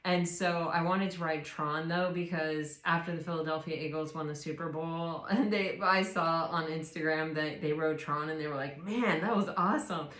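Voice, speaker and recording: A woman giving a tarot reading as a casual spiritual chat, rambling with many fillers and restarts in a soft, reassuring way. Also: low voice, steady tone, normal speed, hardly any pauses. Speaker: tarot reader. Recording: roomy echo.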